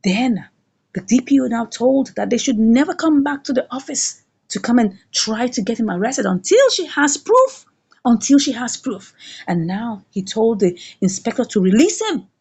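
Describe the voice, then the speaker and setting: With a slightly high, sing-song voice that's a little mellow and breathy at the edges, a woman recaps a drama episode at normal speed. She tells it like a dramatic story, throwing rhetorical questions at the listener.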